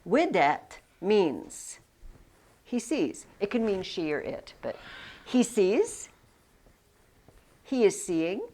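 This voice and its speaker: A woman teacher leads a Latin lesson for a classroom of students. She talks at an unhurried pace and restarts her sentences often. Her voice moves up and down a lot as she explains each point. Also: mid-range voice, big pitch swings, warm tone. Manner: patient, drawn-out explanations with frequent restarts.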